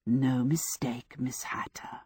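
A woman reading an audiobook, voicing a haughty, menacing witch who talks in a cold, low hush. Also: expressive, slow, breathy edge, dry recording, clean studio sound, full character voice. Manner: cold, contemptuous, hushed and low. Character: haughty menacing female witch, grand lady. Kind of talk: audiobook character voice.

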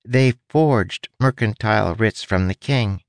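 A man's voice: lowish voice, measured pace, no echo, voice pushed up. A man voicing a wry, chatty male rat in a storybook, his voice pinched and squeezed. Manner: teasing, chatty.

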